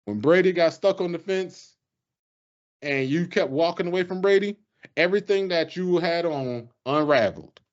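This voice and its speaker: A man co-hosting a sports podcast with a fairly high voice, ranting in an animated, profane way. The audio is dull and lo-fi, like a cheap podcast mic. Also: moderate pace. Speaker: podcast co-host. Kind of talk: casual sports chat.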